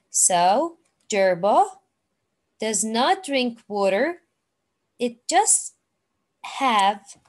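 Woman teacher, very slow patient delivery, repeats each word, voice a bit high. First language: Arabic. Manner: slow, repeating words for learners. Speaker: English teacher. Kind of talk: online classroom lesson.

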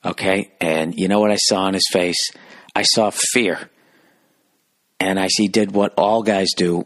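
A man hosting a podcast, telling a rambling, profane comic story and jumping into loud high voices for the people he quotes. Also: fairly even intonation, a little slow. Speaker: podcast host. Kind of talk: solo comedic rant.

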